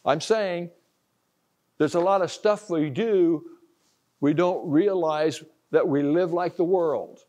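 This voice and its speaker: Folksy older preacher with a high voice. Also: male voice, slow pace, mellow. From Ohio, US. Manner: folksy, storytelling, acts out quoted voices. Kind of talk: informal sermon.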